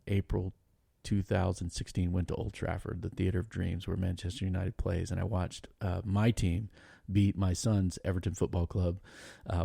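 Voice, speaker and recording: A middle-aged man on a podcast telling a story in an animated, laughing way, often stopping and starting again. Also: deep voice, gravelly, dry recording, clean studio sound. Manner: animated, laughing, trails off and restarts. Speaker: podcast guest. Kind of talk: casual storytelling chat.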